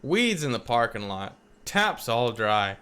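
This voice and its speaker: A man's voice: mid-range voice, very animated, slow, a bit bright, clear, resonant tone. A man voicing a chatty android woman singer with showy stage banter, reading a game aloud. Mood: storytelling.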